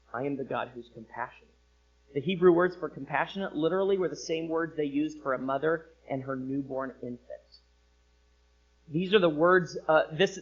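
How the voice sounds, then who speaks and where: A man preaching a sermon as pastor, with expressive delivery that rises for emphasis and drops low. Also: highs cut off. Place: church sanctuary.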